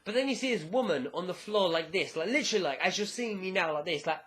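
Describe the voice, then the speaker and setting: A man from England giving a casual, excitable video review, swearing freely as he talks. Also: high voice, fast. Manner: animated, excitable, casually profane. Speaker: anime reviewer.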